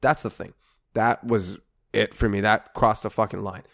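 Animated, swearing male podcast co-host. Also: lowish voice, moderate pace, vocal fry. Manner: swears constantly, animated, acts out both sides of quoted arguments. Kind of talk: casual storytelling chat.

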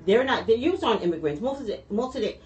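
A woman's voice: fairly high pitch, lively intonation, fast, a little mellow, highs cut off. A woman co-hosting a talk show as a psychic reader, chatting in a gossipy way and often trailing off mid-sentence. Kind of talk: casual chat.

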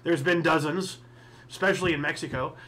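A man's voice: fairly high pitch, fairly even intonation, a little fast, sharp tone. A man hosting a history show, reading dates and thinking aloud in casual solo commentary with many fillers and asides.

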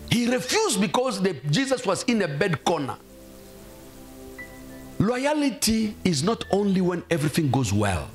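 A man's voice: sits high, sing-song, unhurried, soft background music. A male pastor preaching a sermon in a church, emphatic, quizzing the congregation and acting out quoted voices. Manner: emphatic, asks the congregation questions and acts out quotes.

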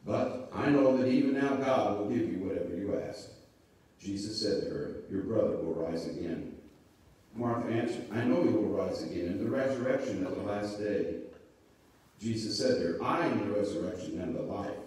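A man's voice: lowish voice, lively intonation, normal speed, darkish tone. Man reading scripture in an echoey church. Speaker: pastor leading children's moment. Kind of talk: scripture reading and children's talk. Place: church sanctuary. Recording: echoey church room, mic far off.

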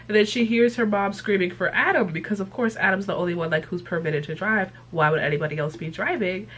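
A young woman vlogger casually retelling a cartoon episode in a profane, slangy, animated way. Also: mid-range voice, fairly quick, hardly any pauses, soft background music. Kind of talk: casual chat.

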